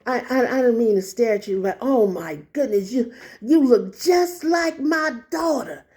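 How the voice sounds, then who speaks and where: A woman's voice: fairly high pitch, lively intonation, a little slow, mellow. A woman voicing a grieving old woman in her eighties who stammers and pleads. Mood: pleading.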